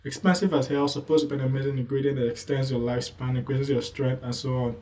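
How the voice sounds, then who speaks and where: A man's voice: mid-range voice, fairly even intonation, fast talker, dark tone, echoey room, far from the mic, rough recording. A man giving casual commentary as a manga reviewer, rambling loosely with lots of asides. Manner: rambling, loose, full of "you know" asides.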